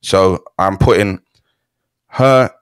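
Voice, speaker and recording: A man co-hosting a casual movie-review podcast, speaking in a calm, measured way. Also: low-pitched, smooth, no echo, studio quality. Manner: calm, measured, mildly defensive. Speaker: podcast co-host.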